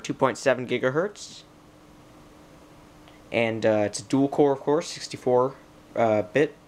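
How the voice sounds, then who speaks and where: A young man narrating an unboxing at home, rambling and talking to himself and the computer, getting frustrated while it loads. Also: medium pitch. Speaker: tech vlogger. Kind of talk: casual unboxing commentary.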